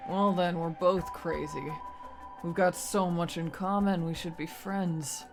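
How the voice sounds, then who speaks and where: A woman's voice: fairly low pitch, steady tone, a little slow, soft background music. A woman voicing a tough male detective in game dialogue, dry, wisecracking and defiant. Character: tough male detective, lone wolf father. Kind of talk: reading game dialogue aloud.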